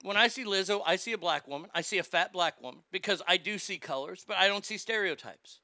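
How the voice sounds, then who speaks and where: Man, sarcastic profane rant, smooth clear voice, dry close sound. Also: sits high, fast talker, sharp tone, dry recording. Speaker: social media commentator. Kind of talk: ranting commentary.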